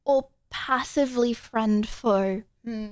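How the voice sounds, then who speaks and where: Giggly high-voiced woman streamer. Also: slow pace, no room sound, clean studio sound. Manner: giggly, rambling, many ums and restarts. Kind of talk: casual live-stream chat.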